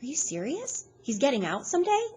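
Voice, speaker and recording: A woman reading aloud, voicing a loud, mocking woman who giggles and taunts. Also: high-pitched, huge pitch swings, a little fast, voice pushed up. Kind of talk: read-aloud storytelling.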